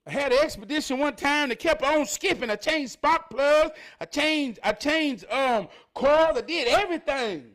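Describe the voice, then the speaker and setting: A man with a notably high voice delivers a motivational monologue. He preaches through stories, swinging from raised, emphatic passages to low, murmured asides. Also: lively intonation, normal speed, hardly any pauses. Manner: preachy, storytelling, swings from loud to near-murmur. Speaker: motivational speaker.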